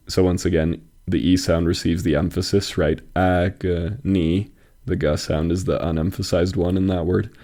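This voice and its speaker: A man's voice: low voice, mellow. A young man hosting a review of fan poetry, reading poems aloud and critiquing them in a thoughtful, hesitant way. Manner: thoughtful, hesitant, many fillers and restarts. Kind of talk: casual critique and poem reading.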